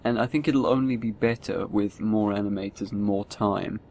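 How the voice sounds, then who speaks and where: A man's voice: on the low side, moderate pace, creaky, slight background noise. A man co-hosting an amateur animation news show in casual chat, reading out titles and giving his opinions at length. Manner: relaxed, reads titles and comments at length.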